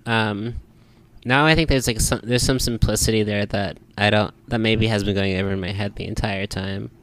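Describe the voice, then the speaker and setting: A man co-hosting a casual podcast chat, laid-back and jokey, halting with filler words. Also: lowish voice, steady tone, fairly bright tone, clean tone. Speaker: podcast co-host.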